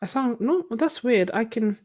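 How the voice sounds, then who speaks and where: This art livestreamer sounds animated, with a slightly high, somewhat mellow voice and a measured pace. She chats on stream from her home desk as she paints, picked up by a phone, rambling with plenty of fillers, false starts, and frequent laughter.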